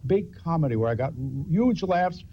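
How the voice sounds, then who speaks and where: Older male guest, wry self-mocking storyteller, slightly higher voice, dull lo-fi TV sound. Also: expressive, moderate pace. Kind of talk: storytelling in a TV talk show interview. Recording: dull lo-fi TV audio with faint hiss.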